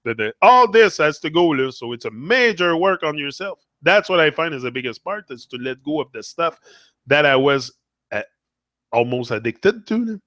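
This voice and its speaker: A man's voice: on the high side, sing-song, moderate pace, sharp tone, no echo. A man who speaks French first, talking in English with a French accent, giving an earnest, rambling motivational talk. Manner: rambling, self-correcting, earnest. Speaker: motivational vlogger. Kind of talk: casual live motivational talk.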